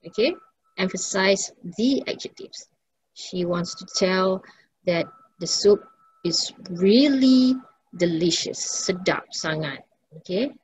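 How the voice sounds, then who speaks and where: Slow, patient woman teacher. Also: medium pitch, a little hiss or hum, rough recording. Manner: slow, patient, repeats each example sentence. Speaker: English teacher. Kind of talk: recorded classroom lesson.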